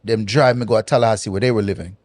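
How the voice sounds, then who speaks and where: Man with speech. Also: on the low side. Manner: animated, patois-laced, drawn-out pauses. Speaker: guest. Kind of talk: casual storytelling interview.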